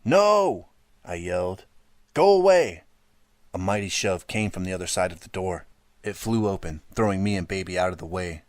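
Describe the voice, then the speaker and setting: A man voicing a terrified boy shouting for help in an audiobook. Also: low-pitched, steady tone, brisk, no room sound, clean studio sound, lightly acted. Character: frightened boy, panicking, older brother.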